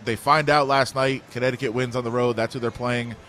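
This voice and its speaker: A man's voice: mid-range voice, fairly even intonation, a little fast, fairly bright tone, a little hiss or hum. A man hosting a casual sports talk show, easygoing and full of filler uhs as he sets up segments. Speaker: sports radio host.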